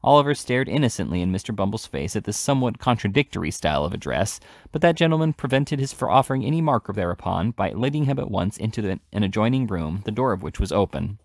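A man reading a classic novel aloud, steady, with occasional self-corrections. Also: lowish voice, fast, gravelly, no room sound, studio quality. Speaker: audiobook reader.

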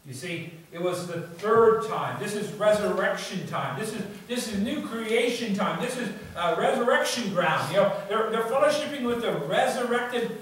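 A man's voice: sits high, animated, moderate pace, hardly any pauses, a bit bright. A male pastor preaching a sermon in a conversational way, often adding "you see" and "okay?", recorded in a church. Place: church sanctuary. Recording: very echoey church, distant mic, faint noise.

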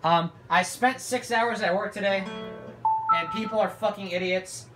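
A young adult with a nearly lost, hoarse voice gives excitable let's-play commentary, swearing loudly at the game. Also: mid-range voice, moderate pace. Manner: loud outbursts and heavy swearing at the game. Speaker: gaming channel host. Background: game music.

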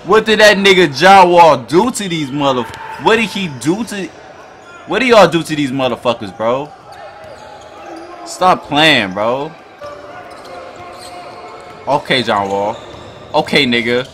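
A man hosting a basketball reaction video, talking in a loud, hyped, profane way and often shouting at the screen. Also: on the high side, expressive, slow, long pauses, a little hiss or hum. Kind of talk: excited basketball reaction commentary.

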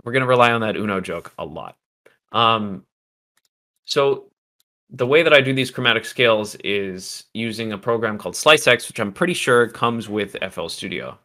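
A man walks viewers through music software in a relaxed livestream lesson, his voice bright and forward. He drifts into fillers and side remarks to the chat, and he sounds slightly hoarse from losing his voice. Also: lowish voice, moderate pace. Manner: loose and chatty, many fillers and asides to chat. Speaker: music production teacher. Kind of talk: casual livestream tutorial.

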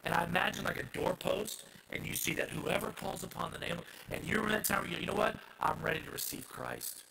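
A man preaching a sermon as pastor, swinging from hushed asides to loud shouted passages. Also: high voice, fast, vocal fry, poor audio.

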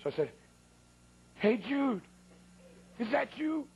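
A man preaching a sermon, telling a comic story with folksy, animated, exaggerated delivery. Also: very high-pitched, takes it slowly, gravelly, highs cut off, slight background noise.

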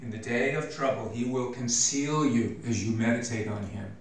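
A man preaching a sermon as pastor, slow and emphatic, rising louder when he reads scripture. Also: medium pitch. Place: church sanctuary. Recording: very echoey church hall, mic from far off.

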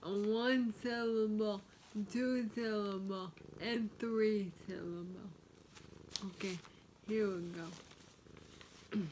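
A woman vlogging casually at home, practicing words slowly and carefully, one at a time. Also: medium pitch, steady tone, darkish tone, a little hiss or hum. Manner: slow, careful word-by-word practice; chatty, talks to her cat. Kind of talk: casual vlog and speech practice. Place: home, with a cat nearby.

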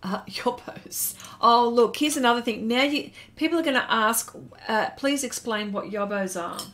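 Chatty Australian woman, fairly high voice. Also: normal speed, fairly bright tone. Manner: chatty, reads viewer comments aloud while drawing. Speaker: artist hosting a live stream. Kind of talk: casual live-stream chat.

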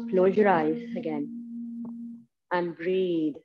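A woman's voice: medium pitch, moderate pace, muffled recording, over music. A woman with an Indian English accent leading a yoga class, giving encouraging step-by-step cues. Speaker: yoga instructor. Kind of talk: guided yoga class instruction.

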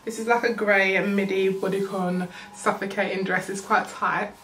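A woman's voice: mid-range voice, level tone, normal speed, fairly bright tone. Young woman vlogger, rambling and playful, recorded on a far-off camera mic in a noisy room. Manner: chatty, rambling, playful repetition. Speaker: fashion vlogger. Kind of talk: casual try-on haul chat. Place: room at home. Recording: distant camera mic with background noise.

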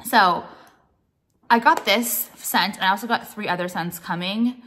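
A woman's voice: mid-range voice, a little slow, a bit bright, slight background noise. A young American woman showing her purchases in a casual vlog, rambling and filling her talk with "like" and the odd swear word. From United States. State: pregnant. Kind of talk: casual show-and-tell chat.

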